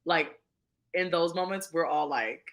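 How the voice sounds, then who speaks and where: A woman's voice: on the low side, a little slow. A woman TV producer, a guest chatting casually and heartfelt with a friend in an interview. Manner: effusive, heartfelt, calls friend "girl".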